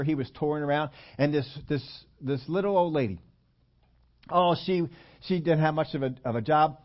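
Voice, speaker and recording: A man preaching, telling a story in a chatty way, often quizzing his audience and restarting his sentences. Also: on the high side. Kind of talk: storytelling sermon. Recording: dull lo-fi recording.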